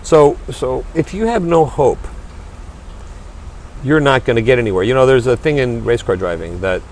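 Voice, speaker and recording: A man's voice: mid-range voice, expressive, normal speed, a little mellow, slight background noise. A man being interviewed as a guest, talking earnestly and emphatically, often repeating his first words as he starts a sentence. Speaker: restaurant owner and charity chairman, guest. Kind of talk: passionate interview talk.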